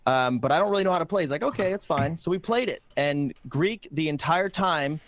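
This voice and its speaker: A man's voice: on the high side, lively intonation, fairly quick, no room sound. A man telling a story in casual chat, in a dry, matter-of-fact way.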